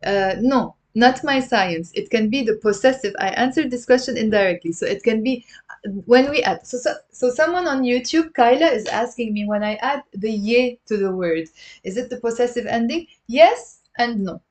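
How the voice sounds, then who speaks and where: A woman teaching a live-streamed language lesson, patiently repeating words slowly for her learners. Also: fairly high pitch, animated. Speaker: Lebanese Arabic teacher. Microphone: livestream camera mic.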